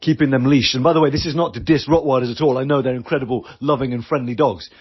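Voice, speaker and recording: Speaking fast in a husky, medium-pitched voice with a steady tone, this British man runs his own business podcast. The recording is muffled as he earnestly coaches and performs the voices of people he quotes.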